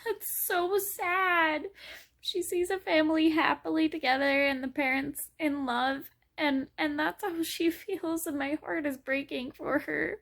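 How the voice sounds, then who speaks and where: Bright high-voiced excitable woman. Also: unhurried, creaky. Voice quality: gushing, excitable, squeals and laughs often. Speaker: book vlogger. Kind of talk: casual reading vlog reactions.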